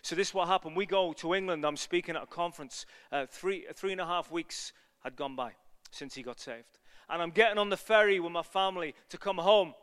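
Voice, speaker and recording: A man preaching an evangelistic sermon, telling a story and building to loud, passionate appeals. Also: high-pitched, a little fast, clean tone, big-room sound.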